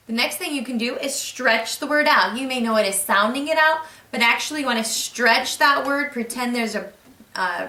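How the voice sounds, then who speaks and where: A woman with a slightly high, sharp-toned voice works as a reading teacher, explaining to parents how to read with their kids while she demonstrates, staying patient and encouraging. The sound is echoey with the mic set far away.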